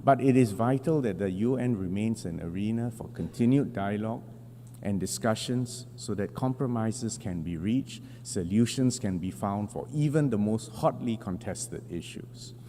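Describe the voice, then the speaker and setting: A man giving a formal prepared speech to a large assembly, in measured, deliberate phrasing with emphatic stresses, at a podium microphone. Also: lowish voice, expressive, warm tone. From Singapore. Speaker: national representative addressing the General Assembly. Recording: long hall reverb with faint hum.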